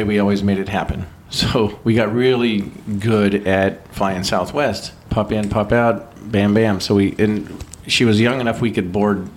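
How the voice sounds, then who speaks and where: A middle-aged man co-hosting a podcast and telling a long personal story in an easygoing, profane way. His voice sits a little low, and he keeps breaking off mid-sentence and restarting as the story builds. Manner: animated, profane, self-interrupting storyteller. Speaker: podcast co-host. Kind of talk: casual storytelling.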